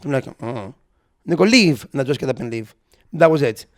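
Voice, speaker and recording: A young man co-hosting a podcast, telling an anecdote in casual chat, animated and acting out the quotes, sometimes swearing. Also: mid-range voice, fast. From Europe. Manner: animated storyteller who acts out quotes, swears. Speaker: podcast co-host.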